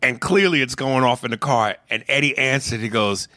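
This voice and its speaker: A man co-hosting a podcast in casual movie chat, profane and animated, slipping into mocking impressions and shouting when riled. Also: medium pitch, a little fast. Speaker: podcast co-host.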